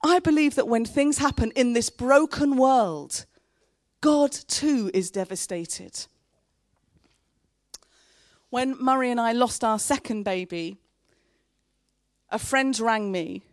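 Slow, heartfelt woman preaching. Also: on the high side, no room sound, studio quality. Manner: earnest, heartfelt, pausing between phrases. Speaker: pastor. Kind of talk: sermon with personal story.

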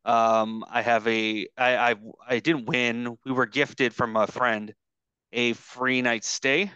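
A podcast host chatting casually over a video call, rambling and halting with lots of fillers. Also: male voice, mid-range voice, level tone, pushed and bright, smooth, no echo, lo-fi sound. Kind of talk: casual chat.

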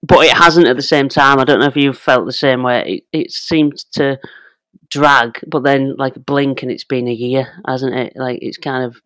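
A man's voice: medium pitch, steady tone, moderate pace, a bit bright, no room sound. A wry man speaking as a guest on a podcast, full of self-deprecating banter. His voice is recorded close, in a dry room. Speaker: comedian guest. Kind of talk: casual chat.

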